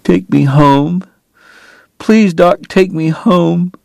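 A man's voice: on the high side, animated, takes it slowly, no room sound, clean studio sound, voice pushed up. A man voicing a sobbing, pleading young woman. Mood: begging. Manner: begging, sobbing, bitter.

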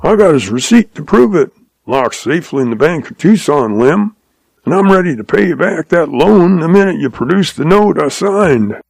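Guy putting on a sly old cowboy, drawl, pitched way up, a bit gravelly. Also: animated, normal speed, darkish tone, no room sound, full character voice. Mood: sly calm. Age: older. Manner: folksy drawl, patient and amused. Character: shrewd old male cowboy, calm and sly.

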